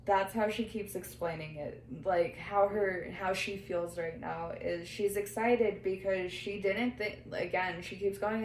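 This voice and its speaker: This woman, a medium, relays a spirit's messages in a reading, quoting it and breaking into laughter now and then. Her mid-range voice stays steady and unhurried with hardly any pauses, captured in an echoey room with faint noise behind it.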